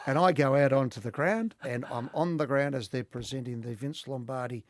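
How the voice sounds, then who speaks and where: A middle-aged Australian man, a podcast guest, telling animated anecdotes in casual talk and laughing often. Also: mid-range voice, a little fast, dry recording, studio quality. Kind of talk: casual storytelling.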